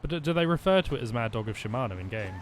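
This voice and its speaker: Man, game streamer, casual rambling commentary, lively up-and-down pitch, faint hiss behind. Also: very fast. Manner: chatty, rambling, jokey asides.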